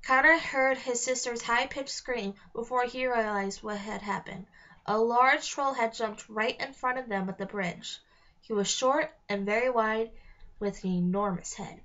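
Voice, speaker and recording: A woman's voice: a little high, unhurried, pushed and bright, highs cut off. Woman reading a children's book aloud. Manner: reads aloud with small slips and restarts. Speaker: reader. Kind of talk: read-along of a children's novel.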